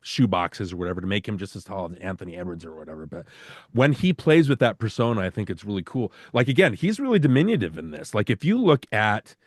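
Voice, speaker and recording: A man co-hosting a podcast, chatting casually about films in a rambling way, full of fillers and quick to laugh. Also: lowish voice, very animated, dry recording, studio quality. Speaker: podcast co-host. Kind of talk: casual film-discussion chat.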